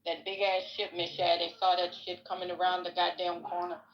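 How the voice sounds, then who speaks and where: A woman's voice: on the low side, monotone, brisk, dull audio, natural voice. A woman voicing her old grandfather with a Louisiana accent, incredulous and cursing. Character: profane old Southern grandfather, blunt.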